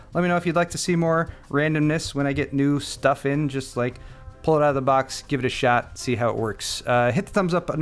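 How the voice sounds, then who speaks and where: A man's voice: on the high side, clear, resonant tone. A man hosting a tech video, talking casually and joking at his own expense while testing gear. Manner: joking, self-deprecating, chatty.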